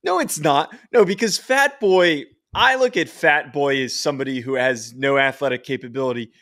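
A man's voice: a little high, normal speed, fairly bright tone, dry recording, studio quality. A man co-hosting a football podcast in a casual chat, enthusiastic and prone to voice cracks. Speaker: podcast co-host.

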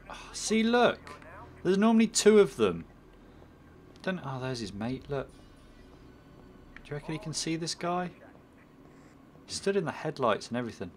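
A man's voice: a little high, a little hiss or hum. A man commentating his own game playthrough, rambling and self-mocking, muttering at the game as he plays. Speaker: gaming channel host. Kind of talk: let's play commentary.

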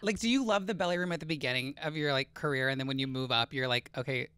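A woman comedian co-hosting a podcast in casual chat, easygoing and quick to laugh. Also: deep voice, a bit bright, smooth, no echo.

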